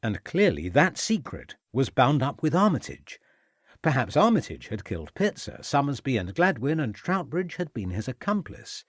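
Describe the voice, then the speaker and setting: A man narrating a mystery novel audiobook in a measured, reflective way. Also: medium pitch, big pitch swings, dry recording, clean studio sound. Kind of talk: scripted narration.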